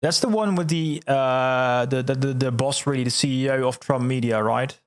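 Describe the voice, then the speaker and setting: A man hosting a livestream, chatting casually and reading out viewer comments, excitable, laughing often and repeating words. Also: mid-range voice, normal speed. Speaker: livestream host.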